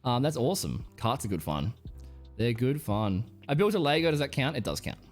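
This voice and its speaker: A man's voice: mid-range voice, sing-song, a little fast, soft background music. A young Australian man streaming live, rambling through casual stories with plenty of swearing. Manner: rambling, profane storytelling. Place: home streaming setup.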